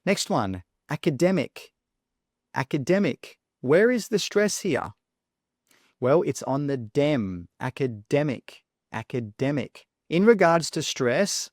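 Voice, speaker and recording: A man teaching English pronunciation in an online lesson, speaking deliberately and repeating each example word. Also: medium pitch, no room sound, studio quality. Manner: slow, deliberate, repeats words for the learner.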